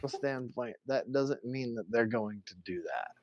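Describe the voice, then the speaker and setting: A man's voice: medium pitch, no echo, muffled recording. A man narrating a tabletop game as game master, telling the scene in a crude, joking way. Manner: crude, laughing, drawn-out storytelling.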